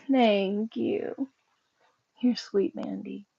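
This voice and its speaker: A woman's voice: mid-range voice, extremely slow, creaky, mellow, breathy edge, muffled recording. A woman livestreaming, chatting casually and rambling with her viewers while she sorts boxes, and greeting them by name.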